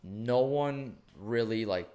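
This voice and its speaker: A man's voice: mid-range voice, slow pace, mellow. A young man hosting a podcast, telling stories in a loose, rambling way and swearing freely. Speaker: podcast host. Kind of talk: casual chat.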